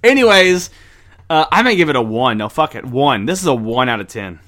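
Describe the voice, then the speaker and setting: A podcast host bluntly reviews a beer and recaps wrestling, excitable and brisk in a medium-pitched voice. He swears and laughs often, restarting his sentences many times.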